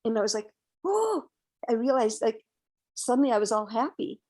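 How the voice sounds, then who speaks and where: A woman in her sixties, a guest on an interview podcast, telling a personal story in an animated way and acting out her own past outbursts. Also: on the high side, fast. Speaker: interview guest, vegan educator.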